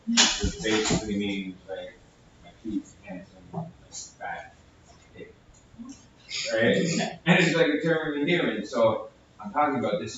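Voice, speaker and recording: A man's voice: on the low side, background noise. A man telling a comedy story in a loose, casual way, swearing freely and acting out the lines of the people in it. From Canada. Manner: animated, swears freely, acts out quotes. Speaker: comedian guest. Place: live comedy venue. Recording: echoey, distant, dull lo-fi sound.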